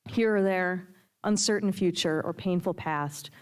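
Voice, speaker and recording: A woman reading her own fiction aloud with a steady storytelling delivery. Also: lowish voice, a little slow, smooth. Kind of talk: prose reading.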